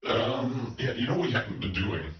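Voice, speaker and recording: A man streaming retro games through a voice changer that pitches him down into a deep male cyborg, chatting casually and cracking jokes. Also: moderate pace, reverberant, distant mic, highs cut off. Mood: wry. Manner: casual, wisecracking game commentary.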